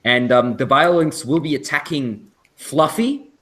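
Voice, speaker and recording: A man running a tabletop role-playing game as game master, narrating scenes slowly and atmospherically. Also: mid-range voice, pushed and bright.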